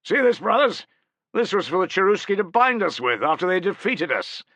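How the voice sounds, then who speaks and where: A man voicing a gruff, hardened Roman centurion who bellows to his troops, in an audiobook. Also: high-pitched, moderate pace, pushed and bright, no room sound, pitched above the performer's own voice. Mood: roaring. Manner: bellowing orders, growling curses.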